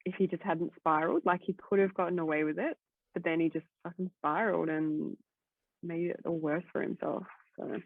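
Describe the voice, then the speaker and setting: A woman's voice: lowish voice, fairly quick, dry recording. A woman guest chatting casually on a podcast, rambling with lots of "like" fillers and casual swearing. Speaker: guest co-host. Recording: tinny phone-like line, dry.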